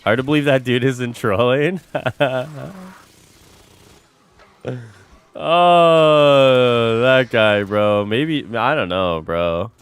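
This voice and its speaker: Speaking extremely slowly and pausing often, this young man has a mid-range, clean-toned voice. He's streaming and chatting casually with his audience in an animated way, swearing a lot and calling everyone bro.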